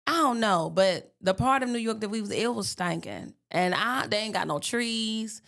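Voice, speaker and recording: A woman with a mild Southern accent, chatting as a podcast guest. She tells her stories in a lively, animated way, and her voice sits at an ordinary pitch. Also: gravelly. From Birmingham, Alabama. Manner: animated storyteller, lively and quick to laugh. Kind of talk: casual interview chat.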